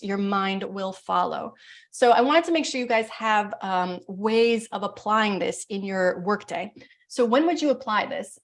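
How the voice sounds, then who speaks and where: A woman breath coach runs a live workshop over a video call. She rattles through her explanations, then slows right down and softens to guide each breath and count. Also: mid-range voice. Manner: talks fast, then slow and soothing when guiding breaths.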